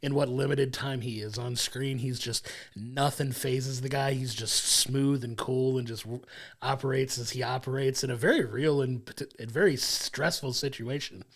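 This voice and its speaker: Gravelly-voiced man reviewing a film. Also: medium pitch, fairly even intonation, normal speed. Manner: enthusiastic, rambling, laughs along. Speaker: podcast co-host. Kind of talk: casual film review chat.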